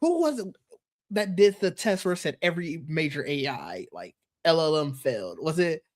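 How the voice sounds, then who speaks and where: A man's voice: a little high, big pitch swings, normal speed. A man co-hosting a tech podcast, chatting casually and rambling, with frequent restarts and easy laughter. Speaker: podcast co-host.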